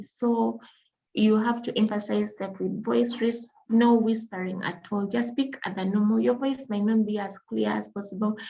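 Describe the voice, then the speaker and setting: Female medical lecturer, mid-pitched, patient explanatory delivery, muffled lo-fi recording. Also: darkish tone. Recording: dull lo-fi recording.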